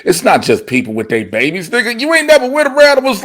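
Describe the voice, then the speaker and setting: A man reviewing a TV show in casual chat, teasing his co-host and recapping the plot in quick, slangy bursts with laughs. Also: very high voice, huge pitch swings, fairly bright tone.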